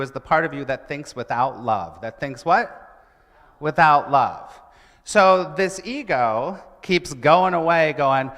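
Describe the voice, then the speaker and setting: A man giving a lively sermon-style talk at a church, telling stories and asking his audience questions. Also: on the high side. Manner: animated, asks the audience questions. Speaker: church speaker. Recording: church hall with long reverb.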